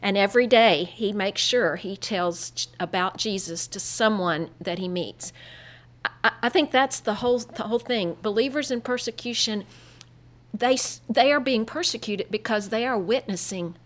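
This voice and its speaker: A woman's voice: mid-range voice, normal speed. A woman, a missionary guest, answering an interview question sincerely with a few hesitant restarts.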